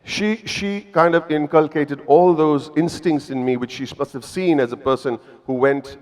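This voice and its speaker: A man's voice: fairly high pitch, normal speed. A man in his fifties with an Indian English accent, telling playful, self-deprecating stories to a live audience. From Mumbai, India. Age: 50s. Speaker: actor speaking at an evening event. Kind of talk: humorous storytelling to a live audience. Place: event hall before an audience. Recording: long reverb of a live event hall.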